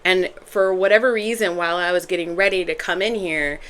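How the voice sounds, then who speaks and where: A woman's voice: on the low side, a little fast. Chatty, rambling woman tarot reader. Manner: chatty, rambling, animated with laughs. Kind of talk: casual tarot reading to viewers.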